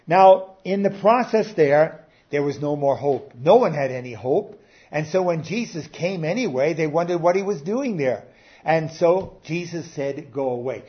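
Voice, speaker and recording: Older male preacher, fairly high-pitched, emphatic delivery that swings soft to loud; muffled lo-fi sound. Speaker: pastor. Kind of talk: sermon. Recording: dull lo-fi sound.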